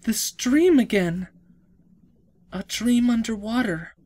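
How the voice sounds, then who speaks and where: A woman hosting a let's play, reading game dialogue aloud and reacting with excitable yelps, gasps, stammers and swearing. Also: on the high side, takes it slowly.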